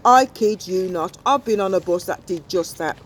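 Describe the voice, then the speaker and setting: A woman's voice: lowish voice, moderate pace, slight background noise. A woman performing a wry spoken-word story, slipping into rhymes as she narrates.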